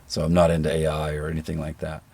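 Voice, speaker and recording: A middle-aged man with a generic American accent, a guest in a relaxed interview, telling stories in an easygoing, self-deprecating way. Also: a bass voice, fast, gravelly. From rural Georgia, American South. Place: living in New Zealand.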